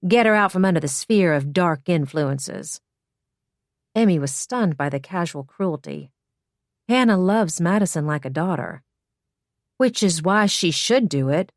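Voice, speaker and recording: Low-voiced woman reading a story. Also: no room sound, clean studio sound. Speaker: audiobook narrator. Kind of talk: scripted narration.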